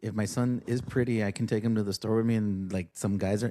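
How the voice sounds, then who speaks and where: A man in casual podcast chat, telling stories with crude humor and halting restarts. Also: fairly low pitch, steady tone, dark tone.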